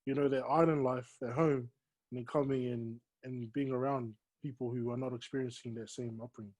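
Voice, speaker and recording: Mellow-voiced man asking questions. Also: medium pitch, steady tone, brisk, rough recording. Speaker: podcast host. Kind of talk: casual interview.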